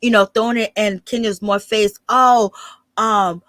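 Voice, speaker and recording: A woman's voice: medium pitch, little pitch movement, a little fast, dry recording. A woman hosting her channel, giving rambling, blunt and profane live gossip commentary. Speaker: channel host.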